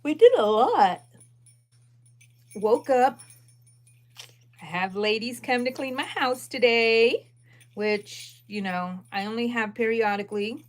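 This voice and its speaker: Woman, middle-aged, crochet livestream host; unhurried, chatty, counts stitches aloud between stories. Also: medium pitch. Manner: chatty and relaxed, drifting between dogs, chores and stitch counting. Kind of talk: casual livestream chat while crocheting.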